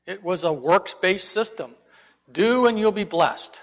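High-voiced man teaching scripture in a hall. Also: animated, measured pace. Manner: conversational, asks rhetorical questions. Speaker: preacher. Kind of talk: Bible teaching. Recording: dull reverberant hall recording.

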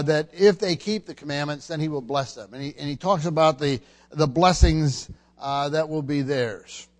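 Halting male preacher in a reverberant hall. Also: a little high. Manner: halting delivery with frequent fillers and restarts. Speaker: pastor. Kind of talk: expository Bible teaching sermon.

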